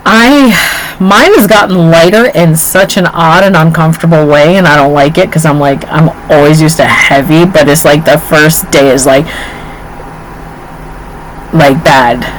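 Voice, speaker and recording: A woman's voice: low voice, a little slow, slight background noise, poor audio. A woman in her forties co-hosting a casual chat, telling stories and acting out what others said. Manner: animated storyteller, acts out quotes. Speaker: podcast co-host.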